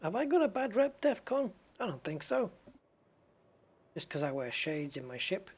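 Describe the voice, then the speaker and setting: Gravelly raspy guy rambling to his live chat from his gaming setup, kinda high voice, keeps laughing at himself. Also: very animated, normal speed. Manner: rambling and self-mocking, reads and answers chat. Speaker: gaming streamer. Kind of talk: casual live-stream chat.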